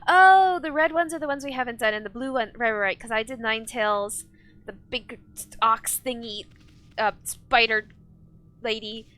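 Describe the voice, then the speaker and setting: High, bright young woman streamer. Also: moderate pace. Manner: rambling, ranting, reads chat aloud. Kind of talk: casual live-stream chat while gaming.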